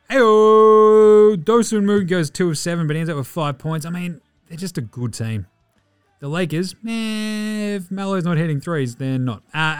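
An Australian man hosting a podcast, giving a fast, casual sports recap, excitable and swearing freely with jokey asides. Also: a little high, clear, resonant tone, dry recording, clean studio sound. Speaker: podcast host.

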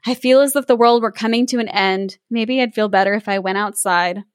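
A woman's voice: mid-range voice, brisk, clear, resonant tone, no echo, clean studio sound, lightly acted. A woman reading the lines of a guilty, terrified wicked stepmother in a fairy tale, with fearful, dramatic complaints.

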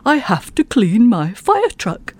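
A woman's voice: fairly high pitch, big pitch swings, slow, no room sound, full character voice. A woman doing a busy fox firefighter. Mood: apologetic.

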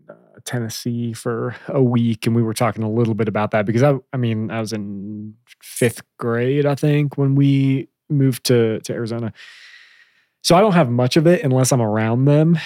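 A man with an ordinary mid-range voice, chatting on a podcast in a loose, rambling way, pausing on fillers as he thinks. The recording is dry and close to the mic. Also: mid-range voice, darkish tone, dry recording. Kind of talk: casual chat.

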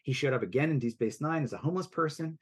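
A man's voice: on the high side, quick pace, husky. A man hosting a podcast, chatting casually with lots of fillers and restarts. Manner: rambling, many fillers and restarts. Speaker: podcast host. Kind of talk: casual chat.

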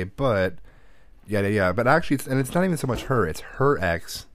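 A man in casual chat, telling family stories with animated quoted voices and laughter. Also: on the low side, a little fast, no echo. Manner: animated storyteller who acts out quotes, laughs, swears.

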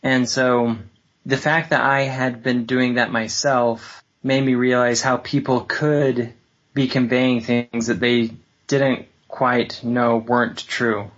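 Male interview guest, measured and reflective, slightly muffled recording. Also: mid-range voice, little pitch movement, fairly bright tone. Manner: thoughtful, measured, pausing with fillers. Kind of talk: reflective conversation.

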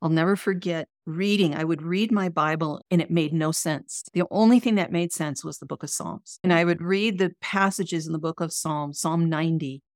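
A woman's voice: low-pitched, normal speed, hardly any pauses, a little mellow, no room sound, clean studio sound. A middle-aged woman sharing an earnest, emotional personal faith testimony as an interview guest. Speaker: guest, author and coach.

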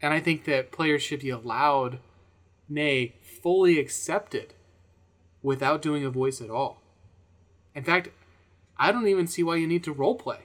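A man co-hosting a casual podcast chat, who runs his own games and argues his points in a measured, dry way. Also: a little high, fairly bright tone. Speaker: podcast co-host, game master.

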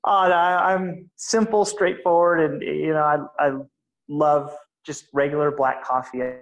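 A man's voice: on the high side, fairly even intonation, a little slow, gravelly, highs cut off. A man who is a guest on a podcast and talks about property investing, in a rambling, casual way full of restarts and "uh"s. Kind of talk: casual interview answers.

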